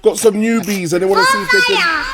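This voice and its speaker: A man's voice: very high-pitched, huge pitch swings, quick pace. A man in a casual podcast chat who jokes and laughs often. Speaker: podcast co-host.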